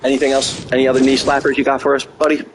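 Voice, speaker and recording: A man's voice: medium pitch, little pitch movement, very fast, slight background noise. A man live-streaming a video game, trash-talking a troll in chat with heavy profanity and sarcasm. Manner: profane, mocking trash talk.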